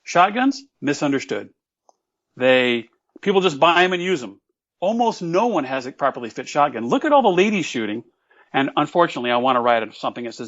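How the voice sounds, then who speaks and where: A man's voice: on the high side, lively intonation, brisk, a bit bright. A man guest explaining technical details earnestly in an interview, and he admits that he tends to ramble. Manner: earnest, explanatory, self-aware about rambling. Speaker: guest, shotgun expert. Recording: slightly dull, lo-fi audio.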